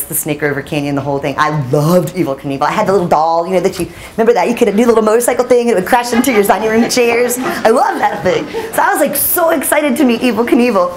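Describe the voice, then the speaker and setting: A woman in her forties, a journalist giving a storytelling talk to a room of listeners, chatty and self-deprecating, laughing often. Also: fairly low pitch. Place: audience room.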